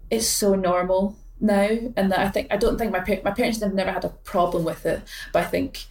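A woman's voice: medium pitch, fairly even intonation, a little fast, a little mellow, roomy sound, distant mic. A Scottish woman in her late twenties, a badminton player chatting in an interview, hesitant with many fillers and restarts. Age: late 20s. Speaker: professional badminton player, guest. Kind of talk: casual interview chat.

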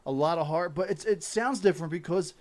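A podcast co-host with a slightly high-pitched male voice. He talks in a loose, emphatic way and swears freely as he argues with his friends. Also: fairly quick. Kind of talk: casual chat.

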